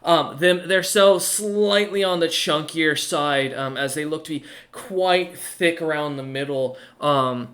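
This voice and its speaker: A man's voice: on the high side, slow, few pauses, fairly bright tone. A man narrating a tabletop game as game master, rambling with lots of ums and uhs.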